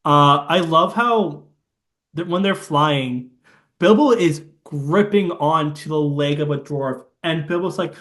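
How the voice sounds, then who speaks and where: A man's voice: a little high, slow pace, a bit bright. A man co-hosting a podcast, recapping a film in casual, rambling chat and imitating its sound effects. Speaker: podcast co-host.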